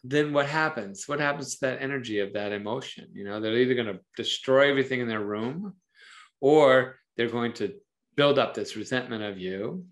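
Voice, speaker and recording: A man of average pitch speaks as a psychologist guest in an interview. He explains ideas thoughtfully and conversationally. He brings them to life by acting out other voices. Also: normal speed. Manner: animated, acts out parents' and children's voices in quotes; thoughtful, uses metaphors to explain.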